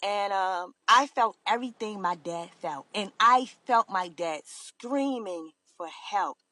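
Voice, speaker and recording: A woman telling her own story to camera, earnest and halting, with many fillers and restarts. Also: mid-range voice, bright, forceful tone, dry recording. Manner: earnest, emotional confiding. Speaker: vlogger.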